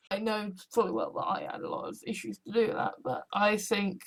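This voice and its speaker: A woman's voice: mid-range voice, steady tone, brisk, vocal fry, few pauses, fairly bright tone. A woman from England talking in a rambling, profane monologue full of restarts and swearing. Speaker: vlogger.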